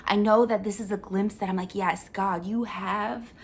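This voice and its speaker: Young woman vlogging, chatty and earnest, says "like" a lot, mid pitch. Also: steady tone, normal speed, a little hiss or hum. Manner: chatty, earnest, full of "like" fillers. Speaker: vlog host. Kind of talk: casual life-update chat.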